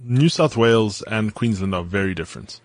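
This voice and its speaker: A man's voice: on the low side, animated, brisk. A man co-hosting a podcast, chatting casually and telling long, detailed stories. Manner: rambling, detailed travel storytelling. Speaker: podcast co-host. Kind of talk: casual chat.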